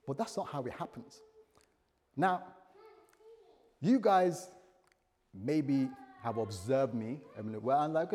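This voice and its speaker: A male pastor preaching a sermon in a conversational, animated way, acting out little dialogues. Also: medium pitch, slow, pauses often. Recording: long hall reverb.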